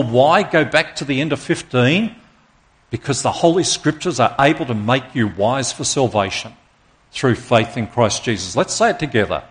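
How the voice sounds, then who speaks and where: Earnest male pastor preaching. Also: medium pitch. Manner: earnest, emphatic preaching that quizzes the congregation. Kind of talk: sermon.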